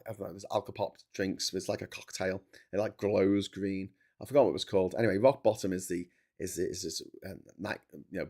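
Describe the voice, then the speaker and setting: A man's voice: lowish voice, darkish tone. A man hosting a livestream, telling a long, rambling travel anecdote in a chatty, digressive way. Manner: chatty storyteller, digressive, stops to chat while eating. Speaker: livestream host.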